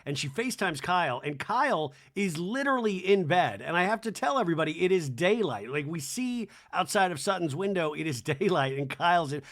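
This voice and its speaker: A man's voice: on the high side, a little fast. A man hosting a podcast, recapping a reality TV episode in a chatty way and acting out the cast's lines. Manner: lively, acts out cast members' lines in exaggerated voices; chatty and conversational, with "right?" tags. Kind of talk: animated solo recap commentary.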